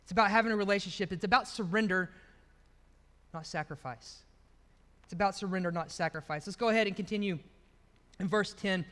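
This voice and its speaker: Guy preaching, really high bright voice, chatty and storytelling, churchy hall echo. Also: a little fast, pauses often. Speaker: pastor. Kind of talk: sermon.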